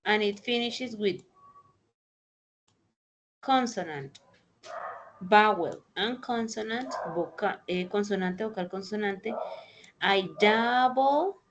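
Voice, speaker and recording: A woman teaching an English grammar lesson over a video call, explaining slowly and deliberately. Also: mid-range voice, highs cut off, background noise. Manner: slow, deliberate explanations with Spanish translations. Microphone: computer mic in a video call.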